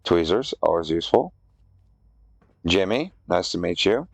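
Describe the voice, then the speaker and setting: Gravelly deep-voiced man joking through a game. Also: expressive, unhurried, no room sound. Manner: joking and sarcastic. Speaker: gamer. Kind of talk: casual gameplay commentary.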